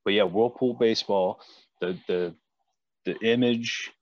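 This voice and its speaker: Man, casual chat host, rambling storyteller, low voice, dull lo-fi sound. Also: measured pace, no echo. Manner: storytelling, many restarts.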